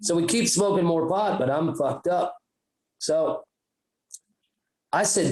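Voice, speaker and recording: A man's voice: on the high side, expressive, moderate pace, long pauses, a little mellow, roomy sound, poor audio. A man hosting a podcast, telling a rambling, profane story and acting out the voices of the people in it. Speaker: podcast host. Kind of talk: casual storytelling.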